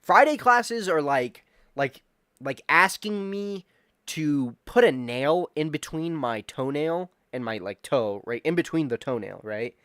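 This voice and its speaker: A man's voice: fairly high pitch, lively intonation, unhurried, fairly bright tone, no echo, studio quality. A man in his twenties streaming casual chat, rambling, swearing and repeating himself as he reacts to chat. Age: 20s.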